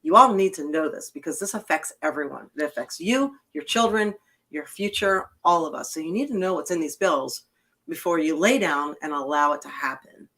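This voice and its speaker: A woman's voice: sits low, animated, normal speed, sharp tone. A woman hosting a political podcast, talking bluntly and emphatically, swearing freely in casual chat. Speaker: podcast host.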